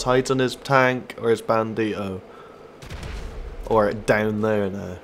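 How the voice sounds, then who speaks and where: A man's voice: lowish voice, slow pace, long pauses, slight background noise. A man giving casual, sweary gameplay commentary, taunting and mocking other players. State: stoned. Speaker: gaming YouTuber.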